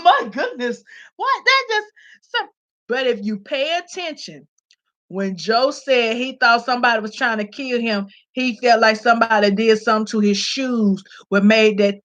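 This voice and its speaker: A woman vlogger giving casual comedic commentary straight to her viewers, animated and profane, and often laughing. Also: high-pitched, lo-fi sound.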